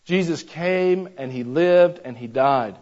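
A man's voice: a little high, takes it slowly, a little mellow. A man preaching a sermon in a folksy, conversational way, talking straight to his congregation. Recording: slightly dull lo-fi sound.

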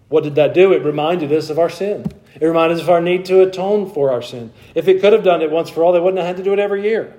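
A man's voice: a little high, warm tone. A male pastor giving an expository sermon, reading long scripture passages aloud and then explaining them with rhetorical questions. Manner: asks the congregation rhetorical questions.

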